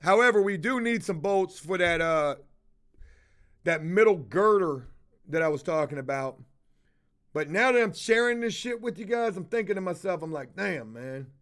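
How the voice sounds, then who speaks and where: A man chatting casually to his viewers, swearing often and telling an animated story. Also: high-pitched, normal speed. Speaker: house flipper vlogger. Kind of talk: casual livestream chat.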